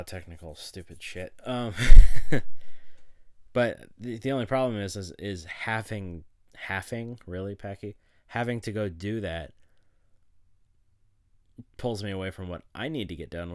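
Low-voiced man rambling casually. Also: no echo, clean studio sound. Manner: rambling, profane, chuckling. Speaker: vlogger. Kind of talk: casual personal update.

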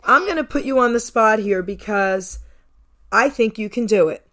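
A woman's voice: on the high side, moderate pace, a bit bright. A woman from New Jersey hosting a radio show, interviewing a guest casually, enthusiastic and effusive, firing off several questions in a row.

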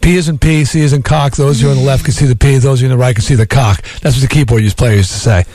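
A man hosting a radio show, telling a long rambling story in a lively, jokey way. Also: medium pitch, rapid-fire, no echo. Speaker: radio host. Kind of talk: casual storytelling on morning radio. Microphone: studio microphone.

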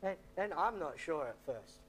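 A man's voice: fairly high pitch, expressive, moderate pace, a bit bright, a little hiss or hum. Rambling man telling a story. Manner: rambling, repeats himself, many fillers. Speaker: missionary. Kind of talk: storytelling testimony talk.

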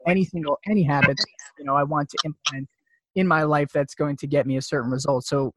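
A man's voice: mid-range voice, dry recording. A man hosting a podcast who asks long questions in a casual, rambling way, full of filler words. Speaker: podcast host. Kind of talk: podcast interview.

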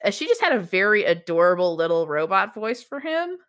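A woman's voice: medium pitch, very animated, brisk, a bit bright, smooth. Rambling woman in casual chat. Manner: rambling, lots of "like", laughs often. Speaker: podcast co-host. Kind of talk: casual chat reviewing a TV show.

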